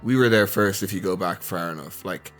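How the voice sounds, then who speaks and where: A man's voice: low-pitched, fairly quick, fairly bright tone, faint music behind. An Irish man co-hosting a podcast, talking in a loose, rambling way with lots of quoting. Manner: rambling, hesitant, quotes others a lot. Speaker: podcast co-host. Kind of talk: casual chat.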